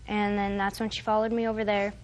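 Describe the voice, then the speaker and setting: Woman, 20s, defendant, rambling, hesitant, mid pitch. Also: monotone, fast, a little mellow, a little hiss or hum. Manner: rambling, hesitant, quoting others. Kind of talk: testimony in court.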